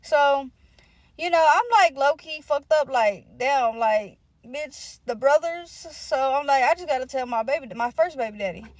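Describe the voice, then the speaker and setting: A woman's voice: sits high, expressive, unhurried, dry recording. A young woman telling a personal story to her channel in a casual, profane, slangy way, rambling with lots of filler words.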